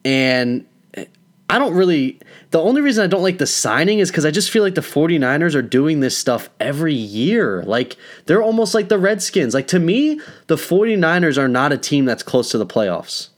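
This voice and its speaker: A young man co-hosts a podcast about football, chatting casually, offering opinionated takes and laughing often. His voice sits on the high side with big pitch swings, at a moderate pace.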